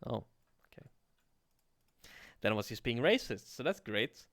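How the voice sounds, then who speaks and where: A man teaching coding on a livestream in a relaxed way, thinking aloud and swearing casually. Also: medium pitch, normal speed, no echo, clean studio sound. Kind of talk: casual live coding tutorial.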